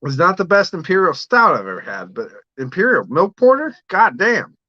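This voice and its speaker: A man rambles through a casual livestream, swearing freely and answering viewers as he talks about brewing. His voice is bright and forceful. The sound is dry and a little dull, like lo-fi home stream audio. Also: high-pitched, sing-song, normal speed, no echo. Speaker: livestream host, home brewer. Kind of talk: casual livestream chat reading comments.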